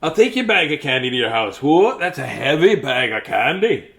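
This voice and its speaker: A man's voice: a little high, big pitch swings, moderate pace, creaky, fairly bright tone, heavily acted. A man voicing a stern grown-up policeman in a read-aloud storybook. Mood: puzzled. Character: gruff grown-up male policeman.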